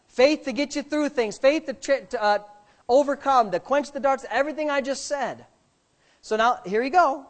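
Animated preacher with lively swinging pitch. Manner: asks the congregation repeated rhetorical questions; swings from quiet asides to loud, drawn-out emphasis. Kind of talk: sermon.

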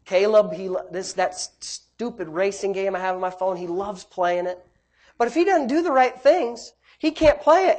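A preacher delivering a sermon, swinging between loud emphatic bursts and quiet low asides, stretching key phrases and calling on the congregation. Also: normal speed. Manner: repetitive, calls on the congregation.

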